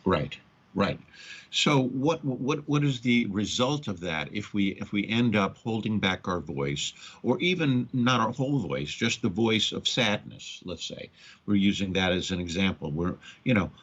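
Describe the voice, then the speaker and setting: Deep, breathy-voiced male radio counselor, halting and repetitive, dull lo-fi sound. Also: animated, a bit bright. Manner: halting, repeats words, acts out quoted parents. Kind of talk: radio talk on addiction and trauma.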